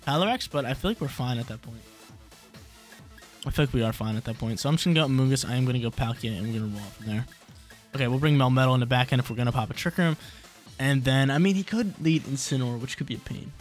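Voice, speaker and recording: Excitable young man commentating his gameplay. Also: medium pitch. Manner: excitable, thinks aloud, repeats phrases. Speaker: gaming YouTuber. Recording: faint background music.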